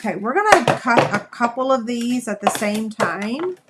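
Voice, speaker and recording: A woman hosts a crafting livestream, chatting folksily with viewers as she works on a live demonstration. Her fairly high voice is sing-song and moderately paced, and the audio is very noisy.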